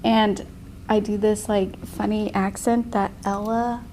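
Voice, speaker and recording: A woman in her thirties teaching a painting class, chatty and quick to laugh. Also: mid-range voice, level tone, mellow, a little hiss or hum. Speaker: painting instructor. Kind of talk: casual tutorial.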